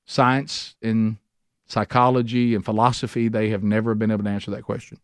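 A man teaching a men's Bible study to a group in a conversational, animated preaching manner with emphatic repetition. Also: on the low side, fairly quick, smooth, no room sound. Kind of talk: sermon-style Bible teaching. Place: meeting room with a group.

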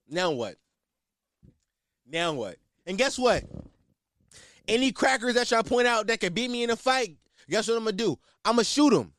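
A man's voice: high-pitched, a bit bright, no echo, studio quality. A man hosting a podcast, ranting in a brash, profane, boastful way. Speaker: podcast host. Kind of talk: casual comedic rant.

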